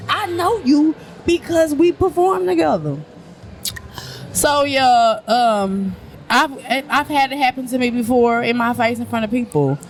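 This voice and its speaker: A woman's voice: high-pitched, measured pace, a little hiss or hum. A woman poet and comedian from Houston, a guest in a casual chat, telling stories bluntly with plenty of profanity. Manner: blunt, profane, emphatic storytelling.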